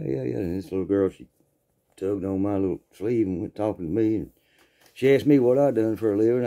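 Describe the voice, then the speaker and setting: A man's voice: fairly low pitch, mellow. An older man in his sixties with a Southern accent, telling a funny story in a folksy, rambling way, often repeating his words. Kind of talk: casual spoken storytelling.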